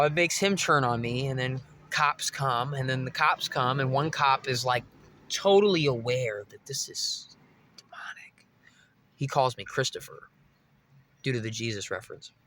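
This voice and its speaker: A man's voice: on the high side, bright, forceful tone. A young man vlogging, telling a rambling, profane story straight to his viewers. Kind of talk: casual monologue to camera.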